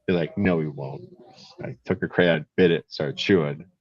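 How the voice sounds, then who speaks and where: Deep-voiced man, dry muffled call. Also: fairly even intonation, normal speed. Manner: blunt, reflective storyteller. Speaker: Marine veteran host. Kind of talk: casual chat.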